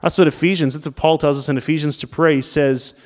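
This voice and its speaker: A man's voice: fairly high pitch, steady tone, fast, darkish tone. A man preaching a sermon as pastor in a conversational way, asking the congregation questions. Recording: long reverb of a large hall.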